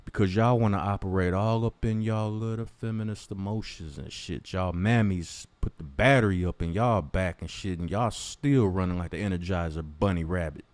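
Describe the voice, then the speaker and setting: A man's voice: low-pitched, moderate pace, hardly any pauses, a little mellow, no echo. A man ranting in a commentary vlog, confrontational and mocking, swearing heavily. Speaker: commentary vlogger.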